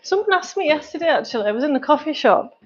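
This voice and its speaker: Manchester accent lady coaching on a live, chatty and rambly, a bit high, dull lo-fi sound. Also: lively intonation, quick pace, slight background noise. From North West England. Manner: chatty, rambling, lots of fillers. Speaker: fitness coach. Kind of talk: live stream chat.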